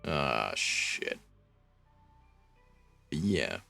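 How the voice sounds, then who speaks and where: A man's voice: a bass voice, sing-song, drawn-out words, gravelly, sharp tone, faint music behind. A man streaming, reading fanfiction aloud and rambling about it with wry, self-mocking asides.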